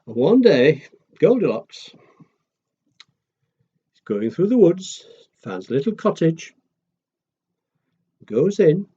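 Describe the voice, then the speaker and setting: A man reads a classic tale aloud for children, unhurried and playful. His voice is mellow and a little husky, with lots of rise and fall. The sound is dull and lo-fi, like a simple home recording. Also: a little high, big pitch swings. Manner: gentle, exaggerated storybook telling. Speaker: storyteller. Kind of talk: children's storytime reading.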